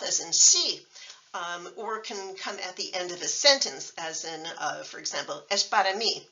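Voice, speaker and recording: A woman's voice: mid-range voice, bright, forceful tone. A woman instructor giving a recorded language lecture, explaining patiently and methodically with example words. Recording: dull lo-fi sound from a distant mic.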